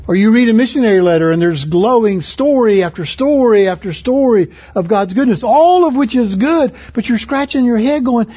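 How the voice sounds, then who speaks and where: A man's voice: extremely high pitch, expressive, normal speed, hardly any pauses, warm tone, slightly rough. A man preaching a sermon in an earnest, conversational way, often rising for emphasis. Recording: muffled lo-fi recording.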